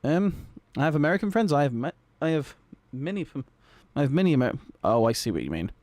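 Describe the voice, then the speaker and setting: A man's voice: a little high, big pitch swings, quick pace, darkish tone, dry recording. A young man, chatting casually with viewers on a live stream, giggly and rambling. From Britain. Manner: giggly, rambling, reacting to chat.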